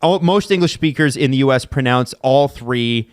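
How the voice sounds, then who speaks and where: A man's voice: medium pitch, normal speed, clear, resonant tone, no room sound, clean studio sound. A man hosting a podcast in a casual chat, often reading aloud from an article. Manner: reads aloud from an article, chatty. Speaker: podcast host.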